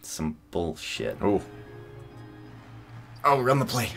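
A man giving excitable, sarcastic commentary over a basketball video game, yelping at big plays. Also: fairly low pitch, slow pace, creaky, soft background music. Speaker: gaming channel host. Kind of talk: gameplay commentary.

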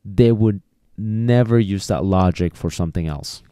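Low-voiced, dark-toned male dog trainer. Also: unhurried, smooth, no room sound, studio quality. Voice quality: talks in a casual, repetitive way and acts out quoted dialogue. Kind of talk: solo podcast lesson.

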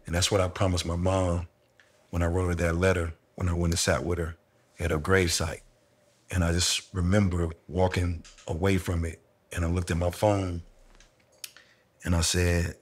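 A middle-aged man in a candid conversation, telling a personal story slowly and reflectively with casual slang. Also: deep voice, little pitch movement, breathy edge. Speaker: interviewee sharing a personal story.

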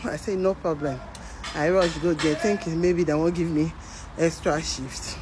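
A woman's voice: low-pitched, measured pace. Nigerian Pidgin woman telling a story outdoors. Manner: animated, acts out the voices of others. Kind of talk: casual storytelling to camera. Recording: outdoor traffic noise behind.

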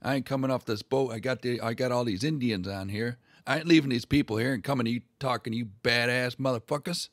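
A man's voice: mid-range voice, quick pace, few pauses, dry recording, clean studio sound, natural voice. A man voicing a defiant, foul-mouthed male ship captain who talks in swaggering street slang. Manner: profane, street-slang bravado.

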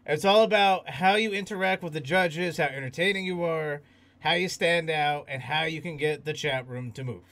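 A man's voice: on the high side, moderate pace, a bit bright. A man hosting a livestream, chatting casually, reading the chat aloud and laughing often. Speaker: host.

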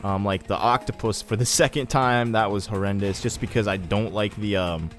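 A man's voice: lowish voice, normal speed. Chatty young man narrating gameplay. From Egyptian heritage. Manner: rambling, chatty, excitable bursts. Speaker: let's play host. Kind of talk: casual gameplay commentary. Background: faint game music.

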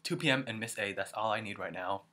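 A young man reacting excitedly to a music video, gushing and exclaiming as he goes. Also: lowish voice, fast talker, a little hiss or hum. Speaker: YouTube reaction vlogger.

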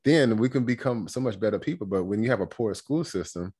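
A man, a happiness coach, chatting as an interview guest, animated and quick to laugh. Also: lowish voice, breathy edge. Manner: animated, laughs often, acts out quotes. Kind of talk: casual storytelling chat.

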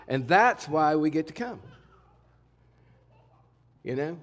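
A middle-aged male pastor preaching a sermon in a candid, conversational way, swinging between emphatic and hushed lines. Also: fairly high pitch, expressive, slow, pauses often. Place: church sanctuary.

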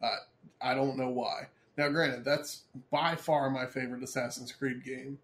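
Relaxed, rambling man on a podcast. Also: medium pitch, a little slow. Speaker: podcast co-host. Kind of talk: casual chat.

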